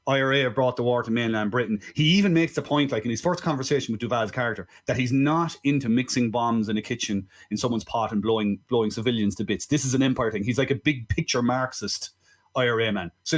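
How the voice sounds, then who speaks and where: A man with an Irish accent co-hosting a film podcast, talking in an animated, swearing way with lots of rhetorical asides. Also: mid-range voice, fairly quick. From Ireland. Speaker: podcast co-host. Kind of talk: casual film-review chat.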